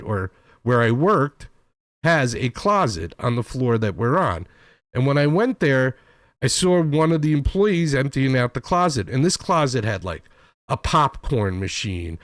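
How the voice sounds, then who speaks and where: An animated man telling a story, his pitch swinging high and low as he rants. He swears freely, sounds wronged, and slips into other people's voices. The sound is dry and close. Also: no room sound. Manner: swears often and sounds aggrieved. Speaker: host. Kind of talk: storytelling rant.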